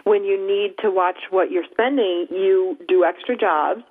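A chatty woman co-hosts a casual talk show, laughing often and teasing as she goes. Her pitch sits in the middle range. The sound is thin and tinny, as if it came over a phone line. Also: measured pace. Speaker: podcast co-host. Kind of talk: casual chat.

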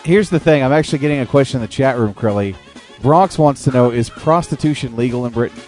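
A man's voice: mid-range voice, quick pace, darkish tone, faint music behind. An American man hosting an internet radio talk show, laid-back and chuckling as he banters.

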